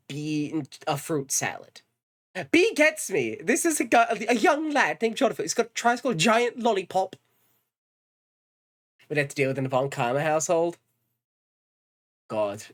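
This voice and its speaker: Irreverent, swearing woman streaming a game. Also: mid-range voice. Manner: irreverent, swears freely and reads game lines aloud. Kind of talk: casual live-stream commentary over a game. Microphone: streaming mic. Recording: game music playing behind.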